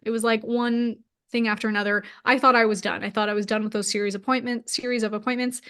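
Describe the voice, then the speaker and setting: A woman's voice: fairly high pitch, flat delivery, fast, hardly any pauses, a bit bright, clean tone. A woman in her thirties, a guest in an interview, telling a personal story openly and emotionally with many "like" fillers. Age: 30s. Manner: open, emotional, frequent "like" fillers.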